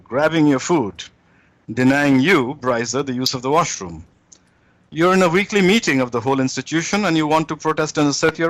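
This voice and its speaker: Male interview guest, lecturing and deliberate, medium pitch, dry recording. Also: a bit bright, no room sound. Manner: lecturing, deliberate, quotes others' speech. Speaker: guest author. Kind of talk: talk show interview.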